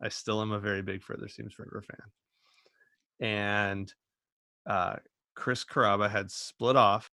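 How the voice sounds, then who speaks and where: A man's voice: lowish voice, flat delivery, measured pace, gravelly, long pauses, bright, forceful tone, no room sound, clean studio sound. A man co-hosting a podcast who tells stories in a casual, rambling and hedging way. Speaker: podcast co-host. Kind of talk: casual chat.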